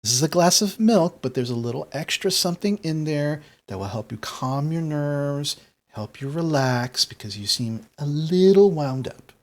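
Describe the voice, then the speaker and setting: A man's voice: a little high, expressive, moderate pace, close to an everyday voice. A man voicing a kindly older woman who fusses over a shaken teen and repeats her words in twos and threes. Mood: coaxing.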